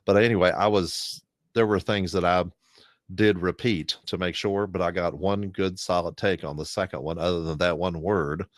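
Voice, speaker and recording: A man's voice: deep voice, steady tone, normal speed, dry recording, studio quality. A middle-aged man, chatting casually and rambling along with plenty of fillers. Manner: easygoing, rambling with many fillers. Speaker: co-host, union representative. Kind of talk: casual chat.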